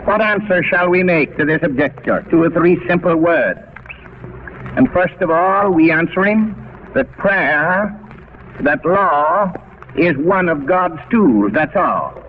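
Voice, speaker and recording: A man preaching a sermon in a deliberate, rhetorical manner who repeats words for emphasis. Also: fairly high pitch. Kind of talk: radio sermon. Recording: dull, faintly hissy old radio recording.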